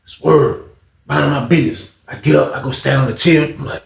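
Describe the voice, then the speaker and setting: A man spinning a casual, slang-heavy story, often turning to address his listeners. His voice sits somewhat high for a man. The room gives it a noticeable echo. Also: fairly even intonation, fairly quick, creaky. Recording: roomy echo.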